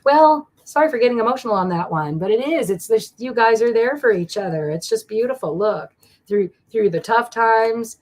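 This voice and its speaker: A tarot card reader on a live stream talks at a measured pace in an animated, higher-pitched voice. She comes across as affectionate and rambling, often laughing and growing emotional with her viewers.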